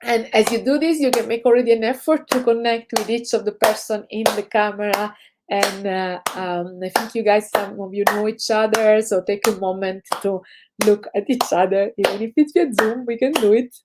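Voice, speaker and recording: A woman's voice: medium pitch, normal speed, very noisy. A woman with an Italian accent, teaching a laughter yoga session over a video call, explaining and leading chanted exercises. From Italy. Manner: energetic, instructive, chanting ho ho ha ha. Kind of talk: guided group exercise session.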